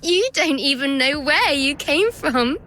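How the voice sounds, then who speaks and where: A woman's voice: high voice, expressive, a little slow, bright, forceful tone, a little hiss or hum, full character voice. A gleeful taunting traitor girl. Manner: taunting, theatrical, sing-song sarcasm. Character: mocking treacherous young woman, gleeful villain. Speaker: game character. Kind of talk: video game voice acting.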